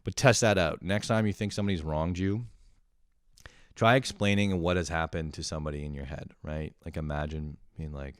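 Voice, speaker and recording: A man's voice: sits low, steady tone, brisk, clear, resonant tone, dry recording, studio quality. A man telling rambling comic stories in a loose, profane way, full of "like" fillers. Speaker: comedian.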